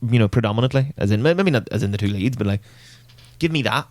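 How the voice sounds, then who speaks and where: A man's voice: mid-range voice, animated, quick pace, a little mellow, no room sound. A man, co-hosting a podcast in casual chat, with dry, jokey, rambling asides. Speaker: podcast co-host.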